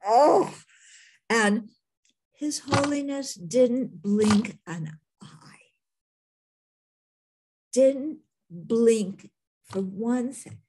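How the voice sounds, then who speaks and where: Slow husky American-born woman teacher. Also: a little high, a little mellow. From United States. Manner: thoughtful, halting, with many restarts. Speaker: Buddhist nun teacher. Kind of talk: Q&A talk telling a story.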